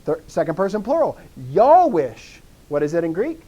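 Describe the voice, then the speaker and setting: Male teacher, high-pitched, energetic classroom lecturer who drills with call-and-response. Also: moderate pace, lo-fi sound. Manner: drilling students with repeated call-and-response questions; energetic, animated bursts of enthusiasm. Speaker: Greek teacher.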